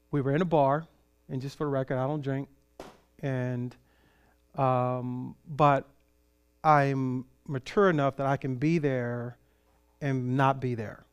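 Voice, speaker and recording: A middle-aged California man, a pastor, tells a story during a sermon and acts out the voices of the people he met. He's an animated storyteller with a smooth, mid-range voice.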